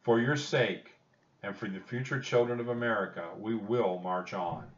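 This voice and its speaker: A man voicing a grave, resolute general who speaks solemn and measured, heard as a dull, distant recording. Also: on the low side, roomy sound, lightly acted.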